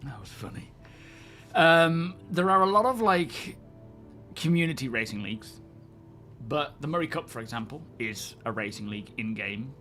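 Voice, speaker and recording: A man's voice: medium pitch, animated, normal speed, bright, forceful tone, faint music behind. A man hosting a live stream, chatting casually and greeting viewers as he rambles.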